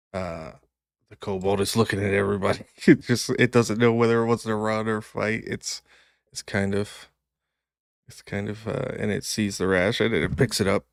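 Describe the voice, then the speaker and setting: A man narrating as game master in a tabletop role-play, relaxed and quick to laugh. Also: fairly low pitch, vocal fry, no room sound, studio quality.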